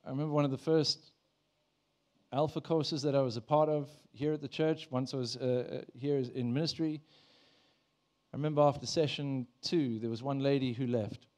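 A man's voice: mid-range voice, steady tone, moderate pace, a little mellow. A man, a pastor, preaching a sermon in a church in a conversational way, asking the congregation questions.

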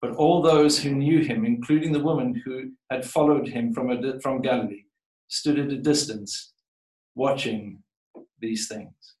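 Preacher in an echoey church, heard from afar. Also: male voice, mid-range voice, a little slow, a little mellow. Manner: reflective, often restarts and repeats words while building a point. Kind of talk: scripture reading and sermon. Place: church sanctuary. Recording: echoey room, voice from a distance.

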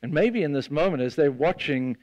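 A man preaching a sermon, retelling a scene with lively storytelling and acting out the voices of the people in it. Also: fairly high pitch, fairly quick, dry recording. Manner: animated storytelling, acts out the disciples' voices.

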